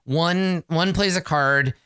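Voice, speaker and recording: A man's voice: a little high, takes it slowly, pushed and bright, smooth, no echo, studio quality. A man running a tabletop game as game master, narrating in a loose, rambling way.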